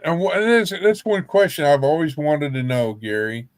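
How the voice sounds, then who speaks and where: A man's voice: a little high, moderate pace, dry recording. A man from Texas hosting a livestream in casual chat, rambling and joking with frequent laughs. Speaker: livestream host.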